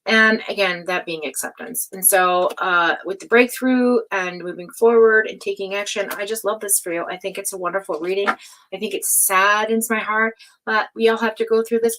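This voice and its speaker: A woman hosting a tarot reading livestream, talking casually and affectionately to viewers, with many fillers, sighs and soft laughs. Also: medium pitch, fairly even intonation, fairly quick, rough recording. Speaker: tarot reader and livestream host.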